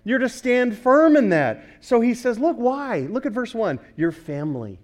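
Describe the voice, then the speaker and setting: A man with a fairly high voice preaches from the pulpit of a church sanctuary. He teaches by firing questions at his listeners and repeating the key words for emphasis. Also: sing-song, normal speed. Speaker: pastor. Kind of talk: sermon.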